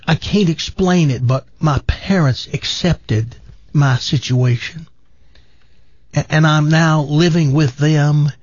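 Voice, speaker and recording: A man's voice: on the high side, darkish tone, no echo, muffled recording. A man putting on the voice of an anxious young pregnant woman, speaking in a pleading, raised tone.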